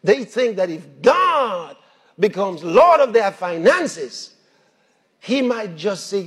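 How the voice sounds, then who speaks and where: A man preaching a sermon, animated, laughing between points and rising to shouts at the peaks. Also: sits high, slow, husky. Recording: long hall reverb.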